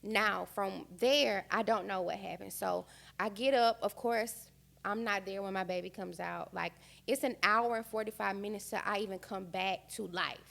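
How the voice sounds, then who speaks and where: A young American woman, a guest on a podcast, tells her own story candidly and emotionally in casual chat. Her medium-pitched voice is gravelly and moderately paced, and her retelling is frank and animated.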